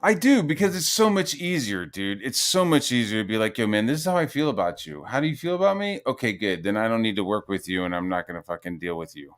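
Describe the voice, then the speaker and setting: A middle-aged man hosting a casual, profane chat, animated and jumping into high-pitched quoted voices. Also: fast talker, hardly any pauses. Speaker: podcast host.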